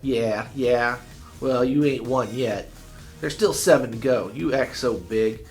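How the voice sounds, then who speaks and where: A man's voice: medium pitch, slow pace, faint music behind. A man reading a storybook aloud and voicing a sullen, stubborn boy who mocks and pushes his friend. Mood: mocking. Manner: sullen, pushy, mocking. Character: sullen, stubborn boy trying to win a bet.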